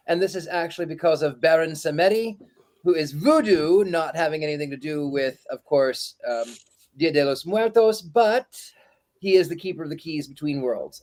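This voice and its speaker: A man co-hosting a podcast explains his point casually. His voice sits a little higher than usual for a man. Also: darkish tone. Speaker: podcast co-host. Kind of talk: casual chat.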